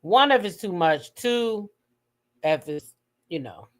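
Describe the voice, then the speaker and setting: A woman hosting a casual gossip livestream, talking with her chat, swearing freely and breaking into high shrieks as she retells her reactions. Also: animated, slow. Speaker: livestream host.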